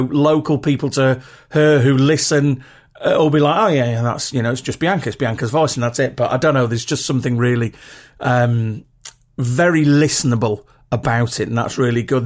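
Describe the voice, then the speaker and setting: A man with a regional British accent hosting a podcast in a chatty, rambling, self-deprecating way. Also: medium pitch. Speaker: podcast host. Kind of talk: casual solo podcast talk.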